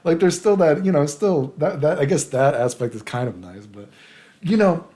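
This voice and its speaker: A man's voice: a little high, lively intonation, normal speed, dark tone. A man from the United States telling a story in a casual vlog, rambling and crude, peppering his talk with "dude" and "right?".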